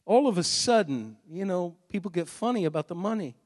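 A male pastor preaching a sermon, swelling from steady talk into loud, emphatic passages. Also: sits high, brisk, in a large hall.

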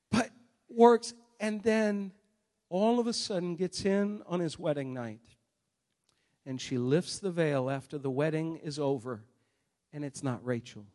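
A man preaching a sermon as a story, animated and swinging between loud and hushed. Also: a little high.

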